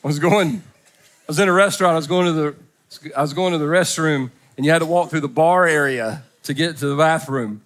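A middle-aged male pastor, his voice on the high side, delivers a comic sermon at church at a brisk clip. He narrates stories, does funny impressions, and swings between hushed and loud.

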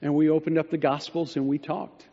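A man preaching a sermon, telling a story and dropping low and quiet when he quotes others. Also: flat delivery, a little fast. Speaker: pastor. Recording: dull sound in a reverberant hall.

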